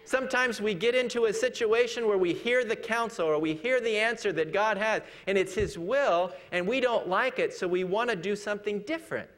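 A preacher with a high-pitched voice delivers an earnest, conversational sermon. He questions his listeners directly and slows to a measured pace for scripture. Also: very animated, a bit bright.

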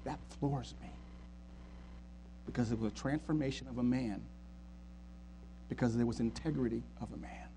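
A man preaching a sermon, swinging from quiet earnest talk to loud, fervent retelling of scripture. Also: medium pitch, moderate pace, long pauses, a little hiss or hum, poor audio. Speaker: pastor.

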